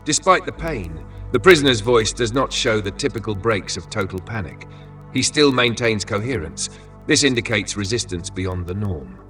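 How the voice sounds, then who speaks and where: A man narrates a grim fantasy tale with a bright, forceful voice that sits slightly lower than most. He sounds set back from the microphone, and faint music plays underneath. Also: animated, normal speed, recorded from a distance. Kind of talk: scripted dramatic story narration.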